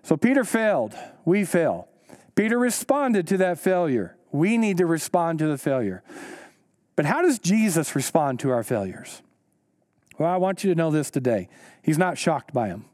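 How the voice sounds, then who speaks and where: A pastor preaching a sermon, earnest and emphatic, repeating key lines slowly for weight. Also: male voice, very animated, darkish tone, dry recording, studio quality. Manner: rises in pitch when stressing a point.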